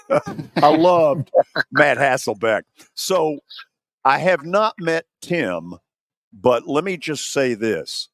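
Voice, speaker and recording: An older man with a Southern accent hosting a sports talk radio show, telling folksy stories with animated quotes. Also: mid-range voice, slow pace, dry recording, studio quality. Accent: Southern American. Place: studio at an ice center venue. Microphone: studio microphone.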